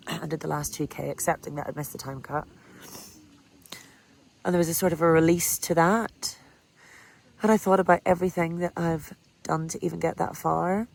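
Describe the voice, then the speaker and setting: An Irish woman with a low, gravelly voice talks candidly and emotionally in a personal vlog about a tough cycling challenge, breaking into laughter along the way.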